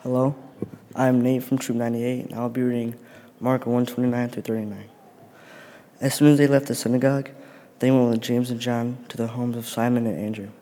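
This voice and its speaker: A man's voice: medium pitch, flat delivery, a little fast, warm tone, long reverb tail. A man reading a gospel passage aloud in church. He reads steadily and carefully, with occasional restarts. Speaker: scripture reader.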